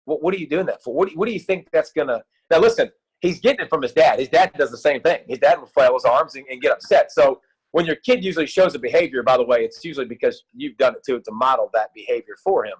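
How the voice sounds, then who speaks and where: A man in his thirties, a youth football coach, talking in an excited, rambling way with many restarts in a casual interview. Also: mid-range voice, fast talker, slightly rough, low-quality recording.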